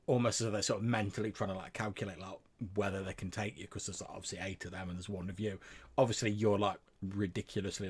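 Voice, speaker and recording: A man's voice: on the low side, husky. A man narrating a tabletop game as game master, rambling with lots of fillers and restarts.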